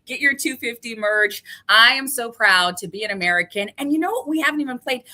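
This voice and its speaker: A woman's voice: a little high, animated, fairly quick, bright, forceful tone. A woman co-hosting a casual commentary chat, enthusiastic and emphatic. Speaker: co-host.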